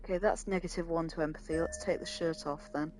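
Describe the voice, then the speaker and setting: A woman playing a video game and commenting quietly to herself in a dry, muttering way. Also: low-pitched, steady tone, fast talker, slight background noise, poor audio. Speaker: let's play gamer.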